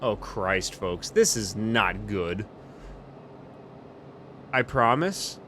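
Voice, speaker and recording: A man doing a comedic role-play as an airline pilot in a flight game, panicky and profane, lurching between muttering and shouting. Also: fairly low pitch, animated, extremely slow, a little hiss or hum. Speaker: flight sim streamer.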